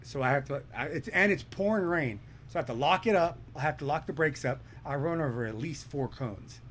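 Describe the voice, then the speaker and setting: Young man, casual storyteller, profane and animated, faint room noise. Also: on the high side, brisk. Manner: profane, animated, swears a lot. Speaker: podcast storyteller.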